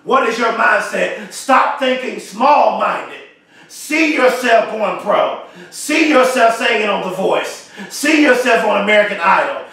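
High-voiced emphatic motivational speaker, echoey. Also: male voice, lively intonation, a little slow, vocal fry, bright, forceful tone. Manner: emphatic, repetitive, preacher-like delivery. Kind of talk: motivational speech. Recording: very echoey, from far off the mic.

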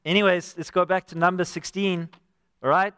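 A man's voice: high-pitched, fairly even intonation, moderate pace, fairly bright tone, clear, resonant tone, clean studio sound. A man preaching a live sermon as pastor, earnest and conversational, often addressing listeners as friend. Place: church sanctuary. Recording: church hall with long reverb.

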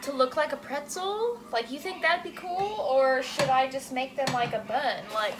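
A young woman talking casually while cooking at home, animated and swearing freely as she asks her viewers "okay?" all the time. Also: sits high, normal speed, few pauses, background noise. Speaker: cooking vlogger. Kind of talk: casual chatty cooking vlog.

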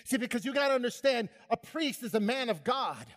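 A man's voice: very high voice, lively intonation, brisk, long reverb tail. A man in his sixties preaching a fervent keynote sermon, calling out questions to the crowd. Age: 60s. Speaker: conference keynote speaker.

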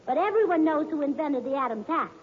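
A woman's voice: high-pitched, lively intonation, fast talker, a little hiss or hum. A woman in 1940s radio comedy acting, playing a dizzy, scatterbrained wife with chirpy delivery. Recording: dull lo-fi 1940s radio recording in a hall.

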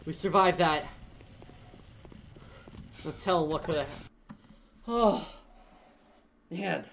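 A woman streamer giving casual gameplay commentary, laughing, swearing and reacting loudly. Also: deep voice, extremely slow, creaky, slight background noise.

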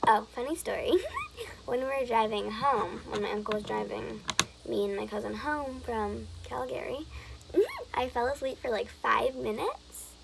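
Young woman vlogger with a slightly high, vocal-fry voice, rambles and giggles. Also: expressive, unhurried, background noise. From Alberta, Canada. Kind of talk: rambling casual vlog chat.

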